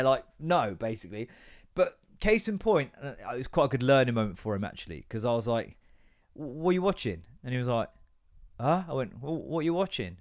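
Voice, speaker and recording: A man's voice: on the high side, sing-song, quick pace. Sweary ranting man. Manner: acts out both sides of conversations. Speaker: podcast host. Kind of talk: casual podcast rant.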